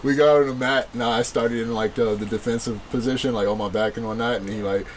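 A man's voice: medium pitch, steady tone, fast, a little hiss or hum. A young man telling a fight story in casual chat, laughing often and acting out voices.

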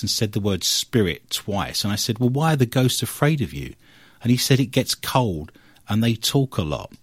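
A man hosting a radio show, recounting a paranormal investigation as an animated storyteller who works through his notes. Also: fairly low pitch, husky, no room sound. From England.

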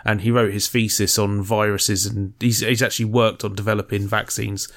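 A man's voice: on the low side, flat delivery, moderate pace, a bit bright. A man co-hosting a casual podcast, dry and sardonic, reeling off film and music trivia.

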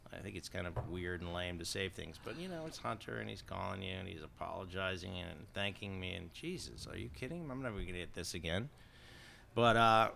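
A man chatting as a podcast guest, halting, with many restarts. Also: sits low, vocal fry, bright, forceful tone, a little hiss or hum. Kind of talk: casual chat.

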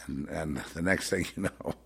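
A man's voice: rumbling low, moderate pace, creaky, fairly bright tone, breathy edge. A man giving an unscripted spiritual monologue in a blunt, repetitive way with scornful asides.

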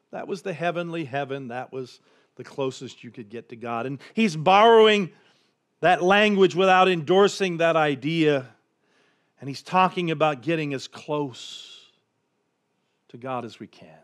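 This high-pitched man is a pastor preaching a thoughtful sermon. He often drops to a near whisper, and his humorous anecdote grows steadily more intense.

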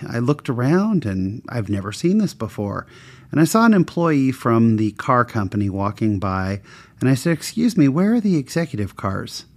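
A man sharing a personal anecdote with a moral lesson, in a candid, conversational and self-mocking way. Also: darkish tone. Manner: voices the people in his story with big pitch swings.

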